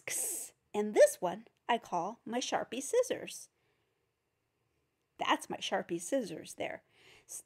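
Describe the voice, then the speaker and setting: Woman teaching letter sounds patiently. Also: mid-range voice. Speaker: reading teacher. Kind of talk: phonics lesson for teachers and parents.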